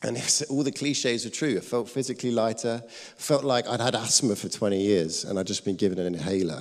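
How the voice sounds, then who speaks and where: A man preaching a sermon, telling a personal story, lively when acting out scenes and soft when quoting. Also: mid-range voice, a little fast. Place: church hall. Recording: long reverb of a church hall.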